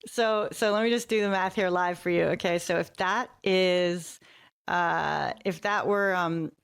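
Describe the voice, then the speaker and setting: A woman co-hosting a casual comedy podcast, wry and halting as she works through numbers aloud. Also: lowish voice, fairly even intonation, creaky, smooth. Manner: wry, talks herself through the sums with halting restarts. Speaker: podcast co-host.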